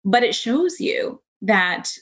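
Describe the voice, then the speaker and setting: A woman in her thirties, a podcast host telling a story in a chatty, animated way with lots of fillers. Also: a little high, slow, breathy edge, low-quality recording. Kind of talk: casual conversational storytelling.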